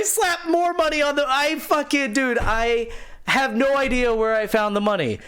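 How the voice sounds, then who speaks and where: Animated, profane podcast co-host man. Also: very high-pitched, moderate pace, clear, resonant tone. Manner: animated, profane, swings into loud exasperated outbursts. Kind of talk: casual storytelling chat.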